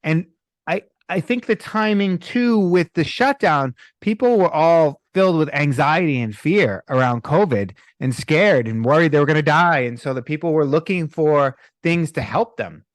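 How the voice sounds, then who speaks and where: A man's voice: fairly high pitch, normal speed, no room sound, clean studio sound. A middle-aged man, a breathwork coach in a podcast interview, telling stories and acting out the people in them. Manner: animated storytelling, acts out quoted people.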